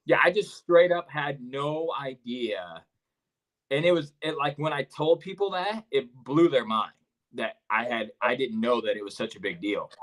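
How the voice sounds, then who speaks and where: A man's voice: medium pitch, moderate pace, poor audio. A man speaking candidly and plainly in a casual podcast chat.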